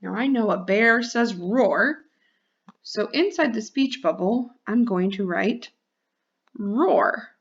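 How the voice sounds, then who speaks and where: A woman teacher giving a lesson to young children, speaking clearly and drawing out her words in a sing-song way. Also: medium pitch, slow pace, highs cut off.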